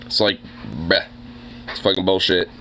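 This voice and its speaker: A young man hosts a casual podcast, his voice bright and lively, swinging up and down in pitch. He is congested with a sore throat and rambles through fillers and profanity. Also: moderate pace, slight background noise, poor audio. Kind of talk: casual chat reacting to videos.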